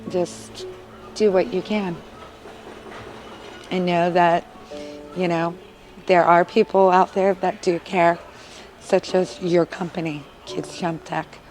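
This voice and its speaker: A mother speaks slowly and earnestly about her family, her voice fairly low and held in a narrow, even range. Her talk is full of fillers, and soft music plays beneath it. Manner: earnest and emotional, with many fillers. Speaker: parent of three boys. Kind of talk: heartfelt interview testimonial.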